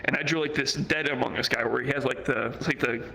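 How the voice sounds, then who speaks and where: Bright-voiced young man telling a profane story. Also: mid-range voice, quick pace, vocal fry, slight background noise, rough recording. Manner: profane, animated, acts out the people he quotes. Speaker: streamer. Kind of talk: casual storytelling on a livestream.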